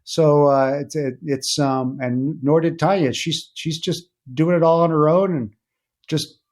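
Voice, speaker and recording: A middle-aged man with a fairly high voice tells family stories as a podcast guest. He is animated and halting, full of fillers and restarts, and his pitch climbs when he gets excited. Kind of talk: casual interview storytelling.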